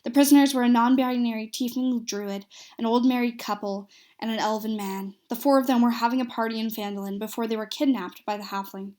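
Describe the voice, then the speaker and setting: Higher-voiced woman narrating a game recap. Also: fairly even intonation, brisk, darkish tone. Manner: reads steadily with small slips and restarts. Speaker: storyteller recapping a tabletop game.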